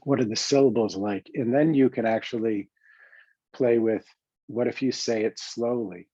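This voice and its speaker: A man with a New York accent, a coach talking through self-help exercises in a calm, reflective way with many pauses and restarts. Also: medium pitch, dry recording, muffled recording. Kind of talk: self-help teaching talk.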